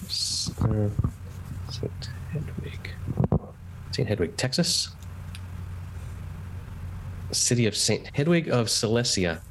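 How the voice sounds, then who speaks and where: Man, lowish voice, casual chat, hesitant, restarts sentences, dry humor. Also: sing-song, slow, long pauses, a bit bright, slight background noise.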